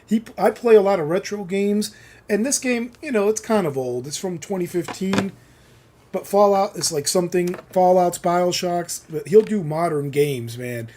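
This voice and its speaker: A man's voice: sits high, moderate pace, dark tone, slight background noise. A man streaming a game live, giving casual, chatty commentary and often saying "man".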